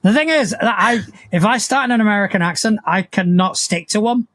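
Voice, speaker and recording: A man's voice: high-pitched, expressive, a little fast, fairly bright tone, no echo. A man co-hosting a podcast, trading dry, teasing banter and swearing casually. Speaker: podcast co-host.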